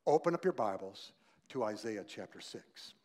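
A middle-aged man preaching as a guest speaker, animated and emphatic, swinging from loud bursts to hushed lines and getting the listeners to answer aloud. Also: fairly low pitch, normal speed, a little hiss or hum. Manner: asks the listeners to join in aloud. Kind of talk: sermon.

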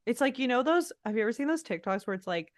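A woman's voice: on the high side, expressive, quick pace, dry recording, studio quality. A woman co-hosting a podcast, chatting in a wry, sarcastic way and laughing often. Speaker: podcast co-host. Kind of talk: casual recap chat.

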